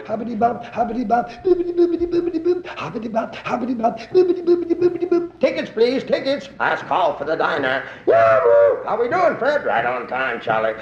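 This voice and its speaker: A man's voice: fairly high pitch, huge pitch swings, unhurried, echoey room, highs cut off. A man voicing a train conductor who chants nonsense station names and rhythmic train sounds. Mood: sing-song. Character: sing-song male train conductor calling stops.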